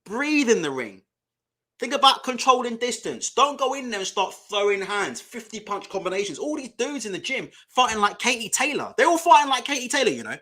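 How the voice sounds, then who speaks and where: A man's voice: very high-pitched, very animated, a little fast, bright, forceful tone. A young man hosting a casual boxing live stream, blunt and swearing, often laughing as he rants. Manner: blunt, swearing, laughs a lot while ranting. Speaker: boxing channel host.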